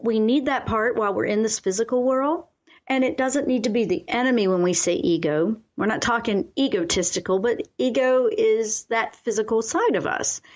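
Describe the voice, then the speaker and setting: A woman's voice: on the high side, muffled recording. A woman hosting a spiritual self-help radio show, talking earnestly and coaching listeners through affirmations.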